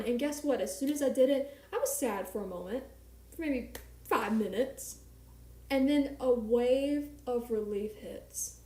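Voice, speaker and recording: A woman's voice: a little high, unhurried, a little mellow. Woman live streamer, candid and self-mocking, echoey apartment room. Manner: candid, rambling, self-deprecating. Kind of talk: casual chat on a live stream. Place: apartment living room floor. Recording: roomy echo.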